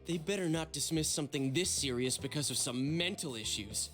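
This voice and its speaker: A man voicing a brash, loyal teenage boy in an English video game dub, talking in an excitable, blunt way. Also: a little high, brisk, soft background music, natural voice. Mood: angry.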